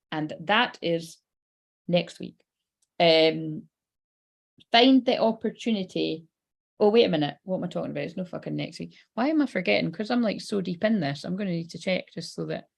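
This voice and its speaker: A Scottish woman with a gravelly edge of fry to her voice gives a casual live tarot reading. She talks in a loose, chatty way, swears freely and laughs often. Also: lowish voice. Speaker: psychic tarot reader.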